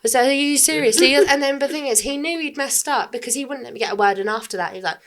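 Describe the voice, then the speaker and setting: A woman's voice: on the high side, racing, fairly bright tone. A young woman chatting casually as a podcast guest. She tells her story bluntly, swears freely and acts out what others said. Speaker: podcast guest, farm worker.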